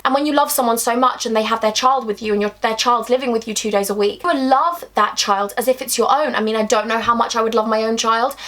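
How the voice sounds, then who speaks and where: A woman's voice: fairly high pitch, fairly bright tone. A young woman from England telling a chatty, emphatic storytime vlog, acting out bits of dialogue. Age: young adult. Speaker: vlogger.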